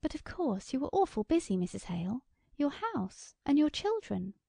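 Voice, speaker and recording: A woman's voice: high-pitched, sing-song, moderate pace, vocal fry, mellow, dry recording, pitched above the performer's own voice, exaggerated voice. A woman voicing a timid, hesitant sheriff's wife with a thin, indecisive voice in an audiobook. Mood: anxious.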